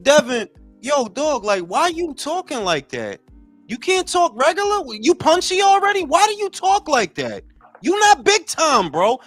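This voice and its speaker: Brief: high-pitched male co-host, animated profane boxing rant, faint music bed. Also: dry recording. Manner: loud, profane, ranting. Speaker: podcast co-host. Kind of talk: casual boxing chat.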